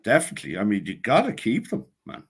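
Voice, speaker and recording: A man with a Dublin accent, a guest on a casual sports chat, talking in an opinionated, animated way. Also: lowish voice, fast talker, breathy edge.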